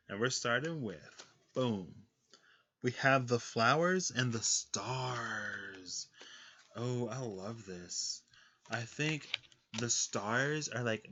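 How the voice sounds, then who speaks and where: A man's voice: mid-range voice, pushed and bright. A man giving a casual tarot reading, rambling with lots of fillers and frequent laughs. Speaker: tarot reader.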